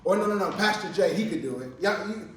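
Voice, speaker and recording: A man voicing a reluctant Moses who keeps passing his duty to other people with quick, excited excuses. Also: high-pitched, slight background noise. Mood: dodging. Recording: echoey room from far off.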